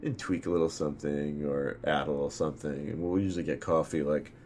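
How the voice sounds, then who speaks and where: A man with a very deep, low voice chats loosely about his films as their director. He rambles through the talk with plenty of fillers and swears freely and casually. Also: steady tone, fast talker, darkish tone, a little hiss or hum. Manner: rambling and profane, full of fillers. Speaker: film director. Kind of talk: casual podcast interview.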